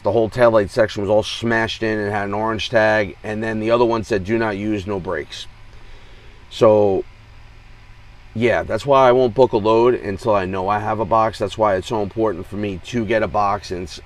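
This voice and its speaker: A man's voice: on the low side, distant mic. A truck-driving man venting in a rambling, frustrated way, telling road stories with lots of fillers, from inside his truck cab. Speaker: truck driver vlogger. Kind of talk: casual venting monologue.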